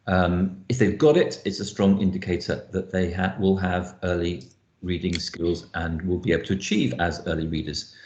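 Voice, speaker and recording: A man with a lowish voice leads an online phonics lesson, stopping often to think and spelling out letters. His voice carries a noticeable room echo around it. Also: darkish tone, highs cut off. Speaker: lecturer. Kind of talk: online teaching session.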